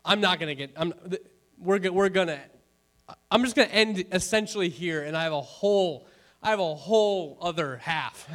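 A pastor with a voice that sits high and moves a little fast preaches to his congregation in church. He addresses the room in a lively, conversational way, tossing in jokes and rhetorical questions.

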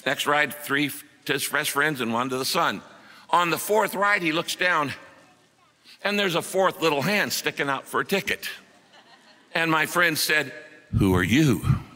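Earnest middle-aged preacher, bright ringing voice. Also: male voice, a little high, moderate pace, pauses often, in a large hall. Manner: earnest, dramatic storytelling with acted quotes. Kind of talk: sermon storytelling.

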